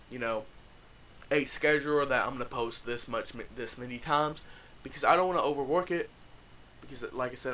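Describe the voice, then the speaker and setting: A man's voice: medium pitch, sharp tone, rough recording. A young man telling a story and chatting about his channel in a loose, profane, rambling way with frequent restarts. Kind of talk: casual storytime vlog.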